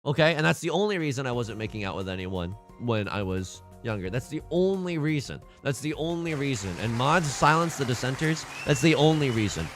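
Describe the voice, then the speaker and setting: A man's voice: mid-range voice, brisk, hardly any pauses, soft background music. A male streamer chatting casually and joking while playing a game. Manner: animated, joking, rambling. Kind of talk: casual gaming livestream chat.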